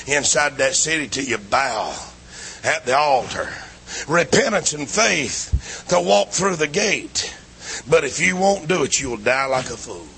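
A man preaching a revival sermon in a church, swinging between shouting and low, hushed lines. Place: church building.

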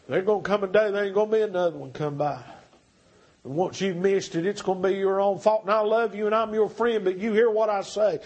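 A male preacher delivering a revival sermon, swinging from shouts to hushed pleading. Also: high voice, brisk. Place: church.

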